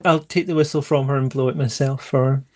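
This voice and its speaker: A man playing a tabletop role-playing game, speaking as his character in a quick, eager way. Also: medium pitch, fairly even intonation. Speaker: player.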